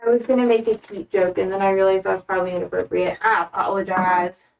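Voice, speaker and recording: A woman's voice: medium pitch, little pitch movement, fast, gravelly, lo-fi sound. Young American woman streamer, playful and self-deprecating, slightly distant from the mic. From United States. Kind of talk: casual chat while repotting plants.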